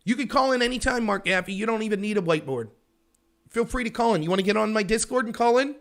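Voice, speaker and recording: A man hosting a political livestream, talking in a sarcastic, animated way and mocking his opponents. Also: high-pitched, fast. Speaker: host of a political talk show.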